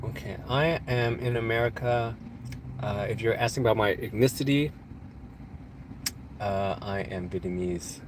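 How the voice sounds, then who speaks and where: Over a noisy background, a California livestream host answers chat in a lowish voice, unhurried and with long pauses. Allergies have congested his nose, but he keeps rambling, joking and laughing often in this casual chat.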